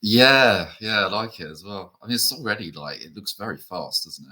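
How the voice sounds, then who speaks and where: A man from the UK with a very low but bright voice co-hosts a casual chat. He speaks hesitantly, leaning on fillers and tag questions. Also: expressive, normal speed. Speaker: co-host.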